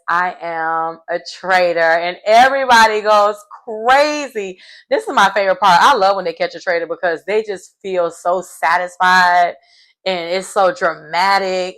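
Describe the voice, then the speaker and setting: A woman's voice: on the low side, fairly bright tone. A woman giving a casual, gossipy recap of a reality show, chatty and acting out quotes as she goes.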